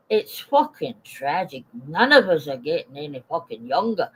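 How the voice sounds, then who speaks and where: A woman's voice: mid-range voice, big pitch swings, measured pace, fairly bright tone, breathy edge, low-quality recording. Woman in her forties, live-stream rant, blunt, swears a lot, greets chat viewers as she goes. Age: 40s.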